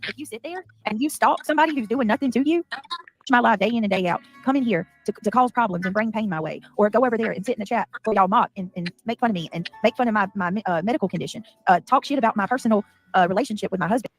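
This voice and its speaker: A woman's voice: mid-range voice, fast, soft background music. A woman on a livestream, ranting angrily and profanely at her critics. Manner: profane, heated, rambling. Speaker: livestreamer in a played clip. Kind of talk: angry livestream rant.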